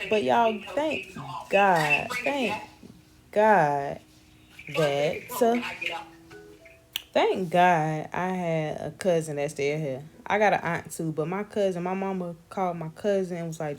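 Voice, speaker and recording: A young woman from North Carolina, telling a casual storytime vlog with animated swearing and calling her viewers y'all. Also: lowish voice, slow pace. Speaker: vlogger.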